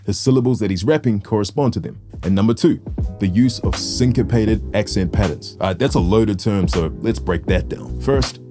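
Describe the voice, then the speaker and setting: A man teaching music theory for rap, explaining with clear, methodical delivery and vocal rhythm demonstrations. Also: on the low side, normal speed. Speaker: music educator. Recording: music bed behind voice.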